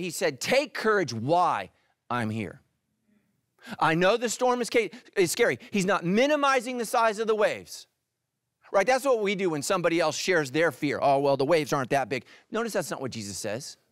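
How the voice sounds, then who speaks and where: Animated man preaching a sermon. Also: a little high, no room sound, studio quality. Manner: animated, swings from loud emphatic to hushed. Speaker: pastor. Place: church stage.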